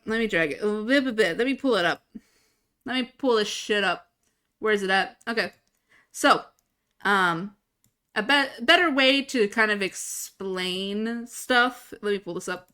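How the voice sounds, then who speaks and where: A woman's voice: mid-range voice, bright, forceful tone, smooth. A young woman streamer chatting casually into a desk mic, rambling and swearing freely. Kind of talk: casual live-stream chat. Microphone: desk microphone.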